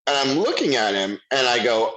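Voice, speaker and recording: A middle-aged man, a guest actor, telling a lively anecdote and acting out the voices of the people in it. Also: mid-range voice, moderate pace, rough recording. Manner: animated storyteller, acts out quoted voices. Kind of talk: anecdotal storytelling.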